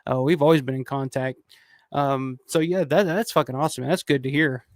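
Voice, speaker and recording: This channel host, a man in his thirties, reads viewer comments on a laid-back livestream, rambling, cursing a lot, and restarting often. His mid-range voice is steady and a little fast, captured in clean studio sound with no room noise.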